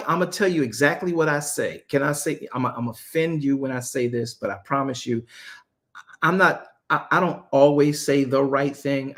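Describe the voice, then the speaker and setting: A man leading a Bible study as its apostle, joking with his group, often repeating and restarting his phrases. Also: medium pitch. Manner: joking, animated, talks straight to the group. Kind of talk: casual Bible study teaching.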